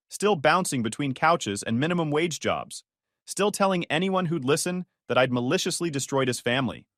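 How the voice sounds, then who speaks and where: A man reading a first-person story in a flat, measured way. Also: mid-range voice, dry recording, studio quality. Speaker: narrator.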